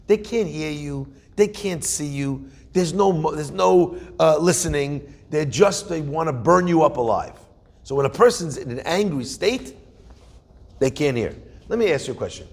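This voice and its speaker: A middle-aged man preaching as a rabbi, his fairly high voice gravelly and husky. He tells stories and keeps asking the room questions. A long reverb trails behind him in the hall. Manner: storytelling with Yiddish-flavored phrasing and rhetorical questions. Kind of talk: sermon. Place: room with an audience.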